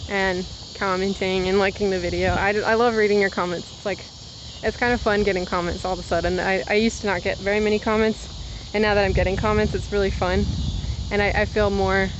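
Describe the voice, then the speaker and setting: Walking uphill outside, a twenty-something woman vlogs with a medium-pitched voice, slightly winded as she wanders into side stories. The recording is muffled, with a noisy background.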